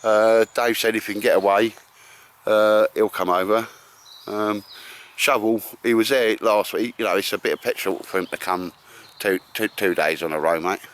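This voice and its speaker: A man's voice: lowish voice, steady tone, normal speed, fairly bright tone. A man with an Essex accent chatting to camera in the woods, rambling and matey, calling everyone mate. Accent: Essex English. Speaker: bushcraft vlogger. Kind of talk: casual chat to camera. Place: outdoors in woodland.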